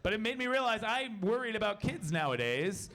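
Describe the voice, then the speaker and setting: A man performing stand-up comedy into a handheld mic on a club stage. His voice sits high and rings bright. He tells his stories deadpan, then bursts into loud acted-out quotes. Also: fairly quick.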